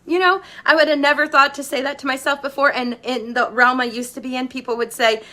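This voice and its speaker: Earnest, bright-voiced woman sharing her story. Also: high-pitched, fairly even intonation, a little fast. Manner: earnest, tearful, heartfelt. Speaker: mother and shapewear seller. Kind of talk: emotional personal testimony.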